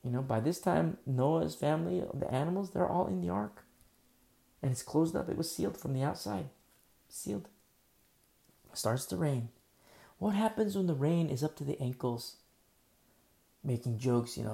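A man's voice: mid-range voice, normal speed, creaky, pauses often, warm tone. A man pastor preaching a sermon in a conversational storytelling way, with many fillers, who acts out the dialogue of Bible scenes.

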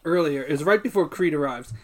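A woman's voice: low voice, expressive, fast. A woman co-hosting a podcast, chatting casually about an episode, laughing often and swearing freely. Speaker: podcast co-host. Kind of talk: casual recap chat.

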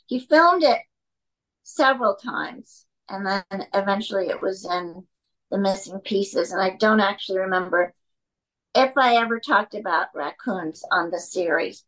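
A woman's voice: medium pitch, fairly bright tone, rough recording. A middle-aged actress telling rambling anecdotes at home in a casual interview, stopping to talk to her cat.

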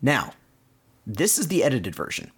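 A man's voice: medium pitch, wildly swooping pitch, moderate pace, breathy edge. A man hosting a podcast, casually recounting cartoon plots in detail. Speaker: podcast host. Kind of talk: casual cartoon recap chat.

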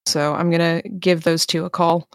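A woman's voice: on the low side, level tone, moderate pace, no room sound. A woman playing a tabletop game who laughs easily and explains her character's situation at length. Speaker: player. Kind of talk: casual tabletop game chat.

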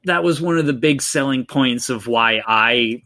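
A man co-hosting a podcast casually talks through a film, rambling and leaning heavily on fillers like "like" and "you know." His medium-pitched voice is bright and forceful, and he speaks a little slowly.

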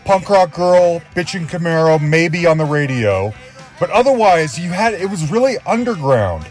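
A male podcast host with a slightly raised pitch opens the episode. He gushes like a fan, circling back over his own phrases. Music plays faintly beneath his voice. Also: sing-song, moderate pace. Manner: enthusiastic, fan-like, repeats himself. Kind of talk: scripted podcast intro.

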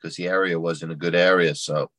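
A man's voice: low-pitched, fairly even intonation, a little fast, fairly bright tone, no room sound. A man, a guest on an interview show, answering in a plainspoken, matter-of-fact way. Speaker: guest, card dealer. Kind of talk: casual interview chat.

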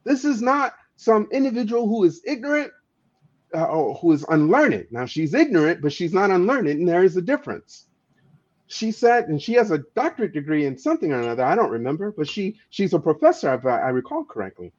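Speaking as an activist guest, this man tells an impassioned story in conversation, emphatic and frequently stammering over repeated words. His high-pitched voice swings widely in pitch, runs a little fast, and sounds somewhat mellow. It's captured in dull lo-fi audio.

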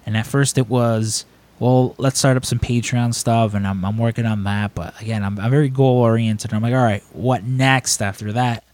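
A man's voice: mid-range voice, normal speed. A man hosting a podcast, telling stories in casual chat, rambling and acting out other people's lines in raised voices. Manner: rambling, animated, acts out quotes in raised voices. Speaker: podcast host.

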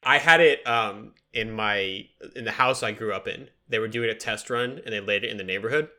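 A man's voice: on the low side, brisk, sharp tone. A man co-hosting a podcast in casual chat, joking and laughing often. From Irish heritage. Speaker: podcast co-host.

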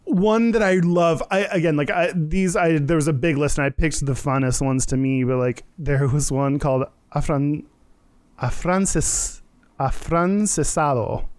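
A man's voice: a little high, unhurried, darkish tone, smooth, no room sound. A man co-hosting a casual podcast chat, rambling with lots of fillers and frequent laughs. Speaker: podcast co-host.

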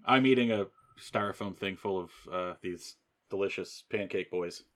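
A man's voice: sits low, moderate pace. Wry Southern man in a game. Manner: wry, profane, mock-grumbling. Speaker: player. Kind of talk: casual tabletop role-play chat.

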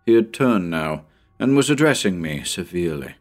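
A man reading a short story aloud in an expressive, measured narration. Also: low voice, soft background music. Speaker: audiobook narrator.

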